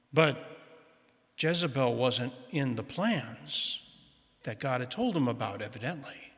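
A male preacher telling a story in a folksy, dramatic way. He speaks slowly, with a fairly high, bright voice. His words ring out into a long hall reverb. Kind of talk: sermon storytelling.

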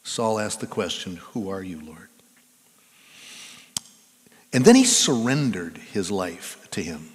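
A man preaching a sermon as pastor, swinging between hushed and loud emphatic delivery. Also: sits low, animated, slow, pauses often, long reverb tail.

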